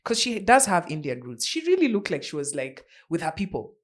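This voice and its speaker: A woman's voice: lowish voice, a little fast. A woman in her forties hosts a casual pop-culture news podcast. Her voice swoops up and down a lot as she chats. She keeps firing off rhetorical questions at her listeners. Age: around 40. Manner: chatty, animated, full of rhetorical questions. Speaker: podcast host.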